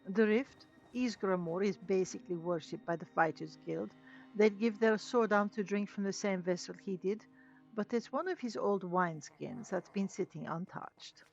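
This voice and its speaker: A woman plays a video game and keeps up a chatty, self-deprecating running commentary, even talking back to the characters. Her voice is gravelly, medium in pitch, and moderately paced. It's captured on a dull lo-fi mic with the game music audible.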